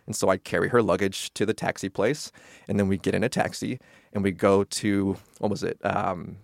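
Gravelly low-voiced man telling stories. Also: steady tone, moderate pace, dry recording, clean studio sound. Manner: rambling, self-correcting, laughs at himself. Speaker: guest, production attorney. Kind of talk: casual storytelling in conversation.

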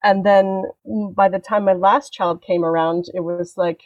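A woman in her forties, a podcast guest, talking about parenting in a wry, frank, halting casual chat. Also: mid-range voice, fairly even intonation, a little mellow, no room sound, muffled recording.

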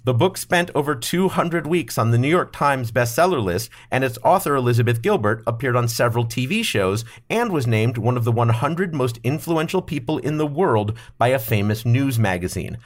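A man's voice: medium pitch, lively intonation, moderate pace, few pauses. A man with a mid-range voice hosts a quiz podcast. He reads questions in an upbeat, scripted way and chats with guests between rounds. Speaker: quiz show host. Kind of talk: hosting a comedy quiz podcast.

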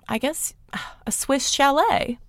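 Slow-talking Southern woman guest. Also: high voice, animated, no room sound, clean studio sound. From Georgia, US. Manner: slow, musing, self-deprecating. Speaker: podcast guest. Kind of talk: casual interview chat.

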